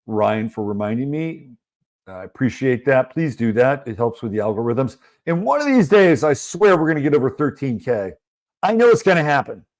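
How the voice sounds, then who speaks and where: A man's voice: medium pitch, a little mellow. Male livestream host, mid-range voice, loose and chatty, greets the chat. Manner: chatty, greets viewers by name.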